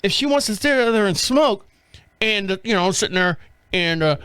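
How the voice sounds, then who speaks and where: A man with a fairly high voice hosts a podcast, rambling off the cuff and cursing casually as he reads and riffs. The sound is dry and close, with no room echo. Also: moderate pace, a bit bright, clear, resonant tone. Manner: rambling, off-the-cuff, swears freely. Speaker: podcast host. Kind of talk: casual commentary.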